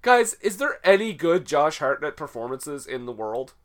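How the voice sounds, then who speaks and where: A man's voice: on the high side, very animated, moderate pace. A man co-hosting a casual movie-review podcast, sarcastic and laughing often. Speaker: podcast co-host.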